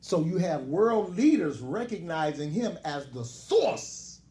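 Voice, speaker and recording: A man's voice: fairly high pitch, very animated, slow pace, dark tone. A man, a minister, preaching a lecture-style sermon with joking asides and call-and-response. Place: hall with a live congregation. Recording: echoey hall.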